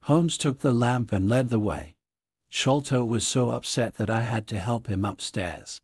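A man narrating a classic story for English learners, reading in a clear, even way. His voice is husky and sits mid-range. The recording is dry and close, with no room sound. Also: mid-range voice, a little slow, dry recording.

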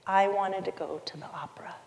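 A middle-aged woman giving a keynote talk, telling a personal story in a confessional, emotive way with deliberate pauses. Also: mid-range voice, fairly even intonation, vocal fry, darkish tone. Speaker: keynote speaker. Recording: long hall reverb.

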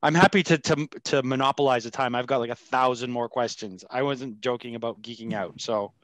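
A man's voice: mid-range voice, steady tone, fairly quick, fairly bright tone, no room sound. A man hosting a video-call session who speaks in an enthusiastic way with many fillers. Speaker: host.

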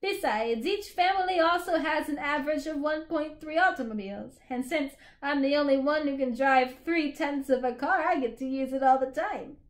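A woman's voice: high-pitched, moderate pace, few pauses, echoey room, lightly acted. A woman doing a precise, cheerful little boy. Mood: explaining. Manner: matter-of-fact, explaining.

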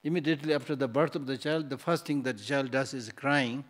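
A man's voice: mid-range voice, fairly even intonation, fast. A male Buddhist teacher giving a dharma talk in a hall, conversational and teasing, full of rhetorical questions.

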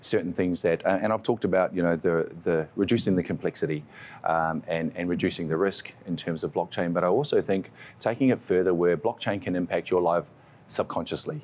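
A man's voice: deep voice, brisk, a little mellow. A man with a New Zealand accent, a tech executive giving earnest, explanatory interview answers with frequent restarts.

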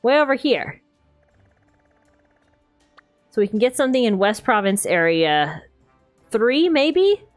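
A woman's voice: fairly high pitch, moderate pace, soft background music. A woman streamer giving casual, chatty commentary over gameplay while talking to her chat. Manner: chatty, animated, talks to chat.

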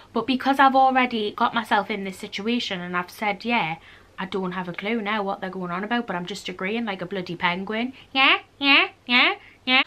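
A young woman in her twenties with a Geordie accent, chatting casually to camera in an animated vlog, swearing freely and acting out little quoted exchanges. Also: medium pitch. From North East England. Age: 20s. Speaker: YouTuber. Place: indoors at home. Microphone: camera mic.

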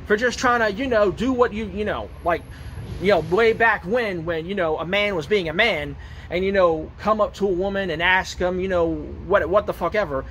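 A man's voice: sits high, fairly bright tone, slight background noise. A man ranting angrily and profanely to camera, repeating himself and stumbling over his words. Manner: profane, aggressive, repetitive, stumbling. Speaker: ranting video poster. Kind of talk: angry rant to camera.

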